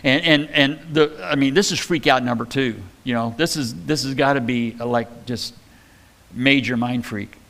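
A man teaching from the Bible as a pastor, in a relaxed, conversational way with joking asides. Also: mid-range voice, normal speed.

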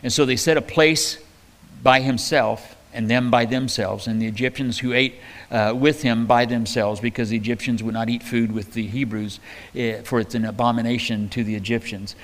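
A man teaching from the Bible as a pastor, in a relaxed, conversational way with joking asides. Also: medium pitch, moderate pace.

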